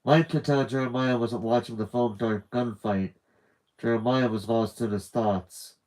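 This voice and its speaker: A man's voice: medium pitch, steady tone, measured pace, darkish tone, low-quality recording. A man reading a novel aloud on a live stream, casually breaking off for rambling side comments. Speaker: novel reader.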